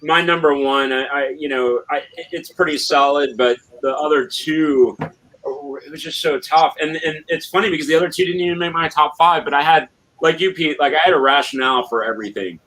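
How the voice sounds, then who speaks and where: A man's voice: fairly high pitch, a little fast, fairly bright tone, rough recording. Hesitant man with faint background hiss. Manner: hesitant, restarts often, laughs easily. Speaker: podcast co-host. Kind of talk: casual chat.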